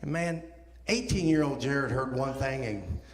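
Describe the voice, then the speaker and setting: Guest preacher, man in his fifties, animated storyteller who acts out his quotes, in a reverberant sanctuary. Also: mid-range voice, measured pace. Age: 50s. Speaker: guest speaker. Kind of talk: sermon testimony storytelling. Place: church sanctuary. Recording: echoey church hall.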